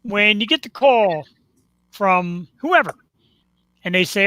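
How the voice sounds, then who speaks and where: A man's voice: sits high, very animated, a little slow, pushed and bright, a little hiss or hum, rough recording. Upbeat man hosting a live show. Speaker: host. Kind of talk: casual talk-show chat.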